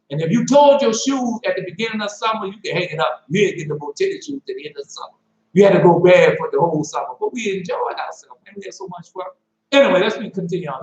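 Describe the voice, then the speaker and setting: A man preaching an informal sermon, telling stories and reading scripture, excitable and full of slang like "man" and "boy". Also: high-pitched. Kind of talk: informal sermon and Bible teaching. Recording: echoey room, dull lo-fi sound.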